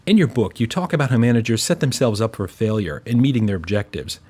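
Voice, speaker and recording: A man hosting a business podcast, reading a scripted intro and asking interview questions in a measured way. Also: mid-range voice, a little mellow, husky. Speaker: podcast host.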